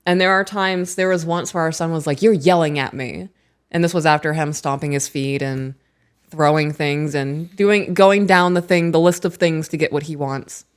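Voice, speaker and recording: A woman in her thirties co-hosting a podcast, chatting casually, reading aloud from a book and acting out what people said in animated stories. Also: low voice, moderate pace, clean tone. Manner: animated storyteller who acts out quotes. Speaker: podcast co-host.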